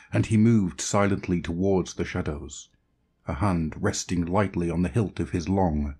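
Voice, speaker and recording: A man narrating a story as an audiobook podcast reader, slow and measured. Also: deep voice, warm tone, husky.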